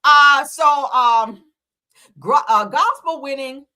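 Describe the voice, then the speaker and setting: A woman's voice: high voice, big pitch swings, unhurried, sharp tone. A woman giving sassy, dramatic gossip commentary, full of exclamations.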